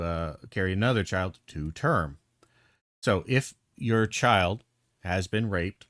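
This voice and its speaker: A lower-voiced man delivers exasperated reaction commentary, full of sarcasm and casual swearing. His voice sits close and dry on the mic, with no room around it. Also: fairly bright tone, no room sound. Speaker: video reviewer.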